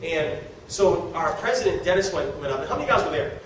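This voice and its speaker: A middle-aged man giving a motivational talk to a live audience about network marketing, excitable, repeating words and laughing as he talks. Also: fairly high pitch, fairly quick. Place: meeting room with an audience. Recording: echoey room, distant mic, background noise.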